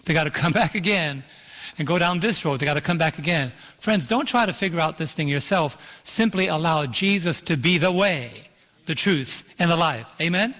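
In the lingering reverb of a church hall, a slightly high-voiced male pastor preaches with emphasis at a moderate pace. His tone is fairly bright and his intonation lively as he stretches scripture verses and calls out for "Amen".

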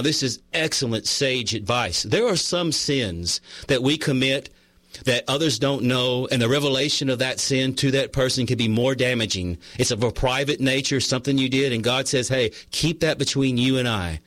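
A man's voice: medium pitch, a bit bright, no echo. Man preaching in a dry, close sound. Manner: conversational, personal storytelling with frequent restarts. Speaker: pastor. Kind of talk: sermon teaching from a book.

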